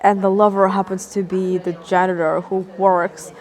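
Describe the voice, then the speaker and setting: A woman's voice: medium pitch, flat delivery, normal speed, darkish tone. A woman vlogging a casual, rambling monologue in a sarcastic tone, peppered with "like" and swearing.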